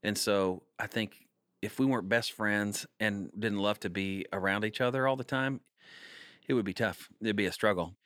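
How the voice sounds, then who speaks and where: A man in his thirties telling family stories in a casual interview, animated and full of jokes. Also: lowish voice, moderate pace, clean tone, no echo, clean studio sound. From Kansas, United States. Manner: animated, jokey storyteller. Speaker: singer-songwriter guest.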